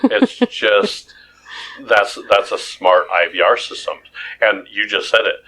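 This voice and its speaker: A male podcast host in casual chat, delivering animated, joking rants with frequent restarts. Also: lowish voice, takes it slowly, vocal fry, low-quality recording.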